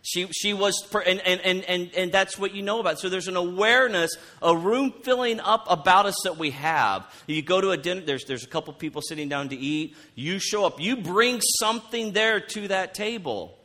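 A man's voice: sits high, moderate pace, hardly any pauses, bright, forceful tone. A man preaching a conversational sermon, who often repeats words and asks his listeners questions. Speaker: pastor.

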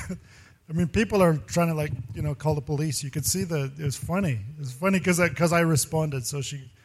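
A man preaching in a slightly higher voice than most men, rambling through personal stories. He is animated and laughs often, and his sermon feels loose and unscripted. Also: a little fast. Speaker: pastor.

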